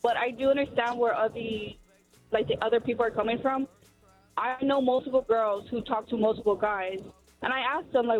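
A woman in her twenties calling a radio show, chatty and animated, saying "like" often. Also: a little high, a little fast, soft background music. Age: 20s. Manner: animated, chatty, uses "like" a lot. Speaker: radio caller. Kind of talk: casual call-in chat. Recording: tinny phone line.

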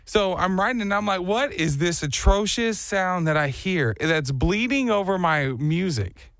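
An animated young man on a morning radio show, his voice bouncing up and down as he spins a story. His pitch sits a little high for a man, and he acts out the sounds and the people he met. The studio mic is close and dry, with faint music underneath. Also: unhurried, dry recording.

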